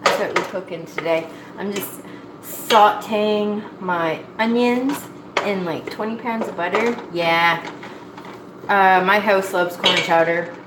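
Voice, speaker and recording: Speaking at a slow pace in a mid-range voice, a woman from Nova Scotia, Canada, chats casually while cooking in her own kitchen. As a cooking vlogger, she's rambling, folksy and pokes fun at herself. The sound is echoey, filled with kitchen noise from pots and dishes.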